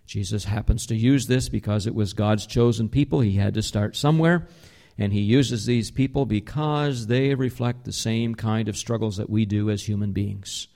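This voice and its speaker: A man delivering a sermon as pastor, in a conversational, explanatory way, slowing down to stress key words. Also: lowish voice, dark tone.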